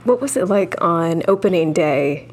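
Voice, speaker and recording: A woman's voice: fairly low pitch, expressive, unhurried, a little mellow. A woman narrating a news feature and asking conversational interview questions.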